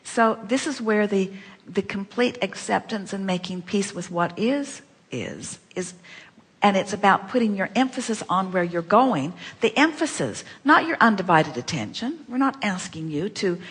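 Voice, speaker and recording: A woman with a slightly husky, breathy voice leads an inspirational teaching session, answering questions from the audience. She speaks as "we" and circles back on her points with rhetorical questions. Her voice rings out with a long reverb in a large seminar hall. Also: mid-range voice, expressive, moderate pace, fairly bright tone. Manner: speaks of herself as "we", full of rhetorical questions and repetitions. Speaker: spiritual workshop speaker.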